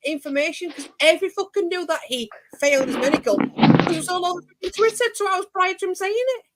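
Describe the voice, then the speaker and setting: Blunt, high-voiced woman. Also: expressive, fairly quick, very noisy. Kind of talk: casual chat on a livestream.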